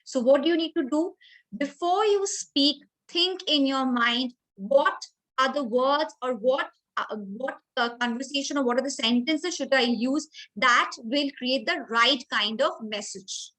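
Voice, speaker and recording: Bright high-voiced Indian woman trainer. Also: rough recording. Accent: Indian English. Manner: clear instructive delivery with deliberate emphasis on key words. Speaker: grooming and communication trainer. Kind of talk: online training session.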